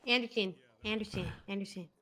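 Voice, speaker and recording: A woman takes part in an online police role-play, talking bluntly and swearing with a joking edge. Her voice is bright and sharp. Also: mid-range voice, steady tone, fairly quick. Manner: blunt, swears heavily, jokey. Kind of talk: casual role-play chat.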